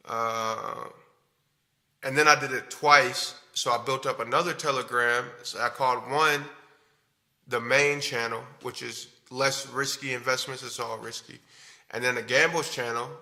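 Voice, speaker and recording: A man's voice: mid-range voice, pushed and bright. A man streaming to his viewers, telling his story in a candid, rambling, profane way. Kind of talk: casual talk to stream viewers.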